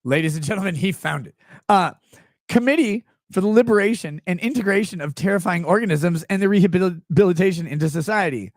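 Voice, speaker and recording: A man's voice: high-pitched, animated, brisk, no echo, studio quality. A man hosting a livestream, ranting about everyday gripes with profanity and sarcasm, and reading chat messages aloud. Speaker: livestream host.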